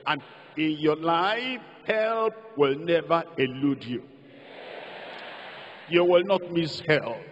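A man's voice: on the high side, expressive, takes it slowly, long pauses, slight background noise. An older man with a Nigerian accent preaching a sermon, leading the congregation in call-and-response and sing-song declarations. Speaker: pastor. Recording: lo-fi hall recording.

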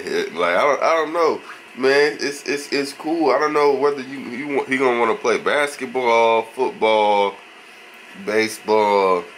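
Bright-voiced laid-back young man. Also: on the low side, slight background noise, low-quality recording. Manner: laid-back slangy talk, chats to baby. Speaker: vlogger and new father. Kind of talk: casual home vlog.

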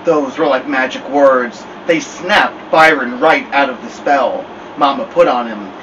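A man reading a children's novel aloud with expressive storytelling. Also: medium pitch, measured pace, distant mic, highs cut off, noisy background. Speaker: storybook reader.

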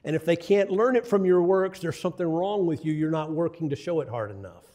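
A man's voice: a little high, expressive, fairly quick, warm tone. An older man preaching a sermon, telling folksy stories with asides to the congregation. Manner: folksy storytelling with asides to the audience.

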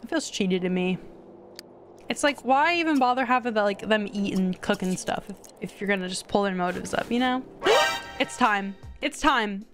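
A woman streaming a life-simulation game, chatting excitably with her viewers in casual live commentary. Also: a little high, moderate pace, soft background music.

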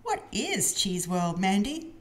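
A woman's voice: mid-range voice, big pitch swings, slow. A woman reading a storybook aloud, voicing a curious little girl piglet who asks questions.

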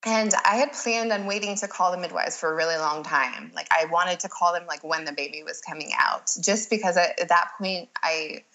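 A woman with a slightly low voice tells her own birth story in relaxed conversation. She speaks with animation and often says "like." She acts out her own past remarks, and her work as a doula comes through. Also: low-quality recording. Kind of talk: casual storytelling.

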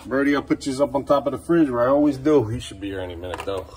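A man's voice: mid-range voice, rapid-fire, darkish tone, a little hiss or hum. A man filming a casual family vlog, chatting playfully and coaxing his young sons at home in the kitchen. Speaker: dad vlogging with his kids. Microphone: handheld camera filming himself.

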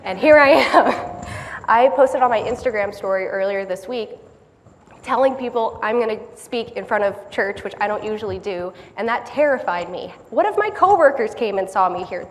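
A woman giving a sermon in a church hall, earnest and quick to laugh at herself. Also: fairly high pitch, expressive, a little hiss or hum. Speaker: lay speaker giving a church message. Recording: long hall reverb, faint background ambience.

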